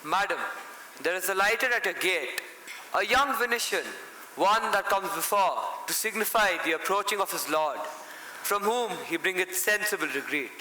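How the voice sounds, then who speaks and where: A man's voice: high-pitched, expressive, normal speed, pushed and bright, full character voice. A young man playing a dutiful messenger servant. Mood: formal. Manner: formal announcing. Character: dutiful young male servant bringing news. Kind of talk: stage play acting. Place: large school hall, stage. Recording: echoey hall, faint hiss.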